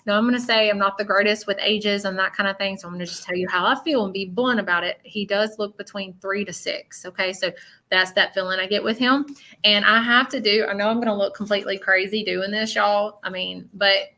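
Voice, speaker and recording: A Southern woman leads a live-stream psychic reading in a chatty, blunt way, with plenty of "um"s along the way. Her voice is bright and carries a forceful edge. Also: mid-range voice, fairly even intonation, fairly quick. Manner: chatty, blunt, with many fillers. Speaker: spiritual medium.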